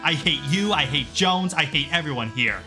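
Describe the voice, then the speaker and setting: A man's voice: fairly high pitch, lively intonation, normal speed, music in the background, lightly acted. A man voicing an abrasive, rude young male psychiatric patient who speaks bluntly and scornfully, for a visual novel. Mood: furious.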